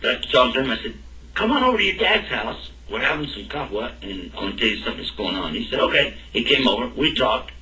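A man's voice: mid-range voice, very animated, fast, a crowd in the background. A man telling a personal story in a talk, acting out both sides of the dialogue. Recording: roomy and distant from the mic.

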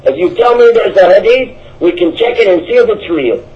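Emphatic high-voiced preacher, lo-fi. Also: male voice, brisk. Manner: emphatic, repetitive, animated. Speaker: Islamic preacher. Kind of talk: religious talk answering questions. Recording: dull lo-fi audio.

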